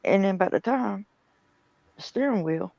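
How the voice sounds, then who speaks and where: A woman hosting a livestream, telling a story in a lively, laughing manner, on a dull lo-fi recording. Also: mid-range voice, unhurried, creaky, no echo. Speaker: channel host. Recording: dull lo-fi sound.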